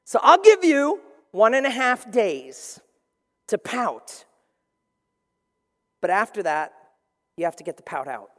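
A man preaching a sermon as pastor, animated and playful, acting out little voices and asides. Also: high voice, takes it slowly, pauses often. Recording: long reverb of a large hall.

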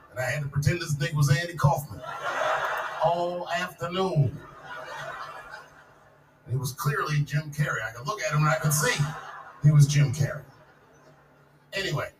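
Man in his forties, stand-up set, profane and loose, slightly high voice, distant mic in a roomy hall with crowd noise. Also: normal speed, long pauses. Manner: profane, loose storytelling building to punchlines. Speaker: stand-up comedian. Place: large live comedy venue. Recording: echoey live venue, distant mic, audience noise.

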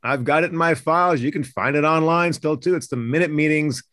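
A man's voice: fairly high pitch, fairly quick, fairly bright tone, dry recording, clean studio sound. A man hosting a political talk podcast, talking emphatically and indignantly with frequent restarts. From Idaho. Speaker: podcast host, news editor.

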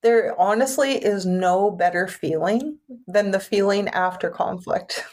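A woman's voice: mid-range voice, unhurried, a little mellow. A woman co-hosting a podcast in casual chat, searching for her words and affirming what her co-host says.

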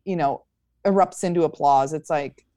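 Upbeat woman comedian, slightly low voice. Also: moderate pace, mellow, no echo, clean studio sound. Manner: upbeat, many fillers and restarts. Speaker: stand-up comedian guest. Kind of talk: casual interview chat.

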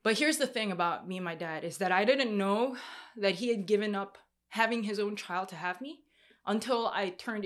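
Young woman, gentle, halting personal testimony to her viewers, restarts often. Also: medium pitch. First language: Korean heritage, speaks some Korean. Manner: soft, halting and emotional, with many restarts. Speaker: speaker sharing a personal story.

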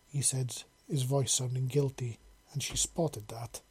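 A man narrating a storybook chapter in a calm, unhurried, even way. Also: mid-range voice, slightly rough. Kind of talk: storybook reading.

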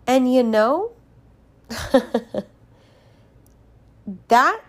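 A woman's voice: high-pitched, animated, very slow. A young woman talking candidly in a casual monologue, swearing freely and laughing as she tells a personal story.

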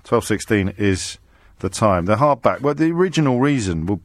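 A man's voice: lowish voice, lively intonation, normal speed, no room sound. A man hosting a radio phone-in, speaking with a slight Kidderminster twang in a wry, teasing manner with frequent restarts. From Kidderminster, English Midlands. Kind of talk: casual phone-in chat. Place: radio studio.

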